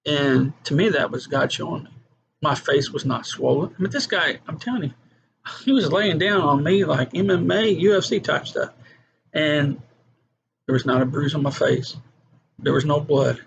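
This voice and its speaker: A man's voice: on the high side, normal speed, vocal fry. A man giving an earnest personal testimony, acting out the voices in his story. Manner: earnest storytelling with acted quotes. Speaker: testimony speaker. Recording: muffled with background noise.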